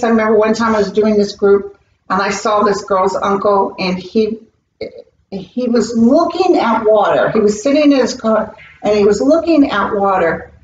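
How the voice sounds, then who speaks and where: A woman's voice: medium pitch, slight background noise. Earnest woman medium in a roomy room. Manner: earnest, animated storytelling. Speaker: psychic medium guest. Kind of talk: interview conversation. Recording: roomy, distant, dull recording.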